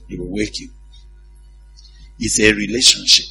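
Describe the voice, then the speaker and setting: A man's voice: on the low side, animated, moderate pace, gravelly, pauses often, bright, forceful tone, faint music behind. A male preacher giving a conversational sermon, often putting questions to his congregation and laughing at his own stories.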